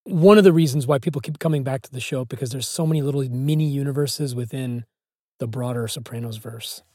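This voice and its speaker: A man's voice: mid-range voice, brisk, mellow, no echo, studio quality. A man interviewing a guest, asking probing questions with detailed fan knowledge.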